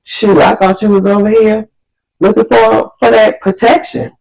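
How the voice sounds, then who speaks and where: A woman voicing a pushy, smooth-talking young man on a date, with an easygoing, coaxing drawl. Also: mid-range voice, level tone, normal speed, a little mellow, voice pushed up, low-quality recording.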